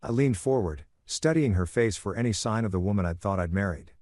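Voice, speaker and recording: Low-voiced man narrating a story. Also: brisk, hardly any pauses, darkish tone, no echo, clean studio sound. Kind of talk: scripted first-person story narration.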